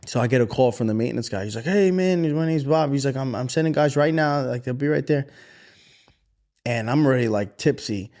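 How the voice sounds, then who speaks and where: A man's voice: mid-range voice, a little fast. A man in his thirties, a podcast co-host, telling a story in casual chat, cursing freely and acting out the voices of the people in it. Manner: profane, animated, acts out quoted voices.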